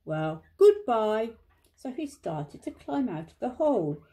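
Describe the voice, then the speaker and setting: An older woman reading a children's storybook aloud in a slow, careful manner. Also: on the high side, very animated, warm tone.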